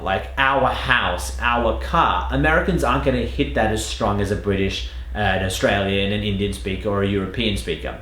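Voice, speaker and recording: A man teaching an accent lesson, who slows right down to model practice sentences for the listener to repeat. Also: mid-range voice, fairly bright tone, echoey room. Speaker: accent coach.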